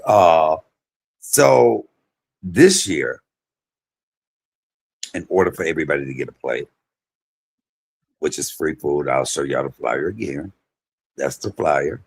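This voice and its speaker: Husky low-voiced man telling stories. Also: a little slow, pauses often. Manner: animated, loud imitations of his mother. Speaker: comedian and vlog host. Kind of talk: casual storytelling monologue.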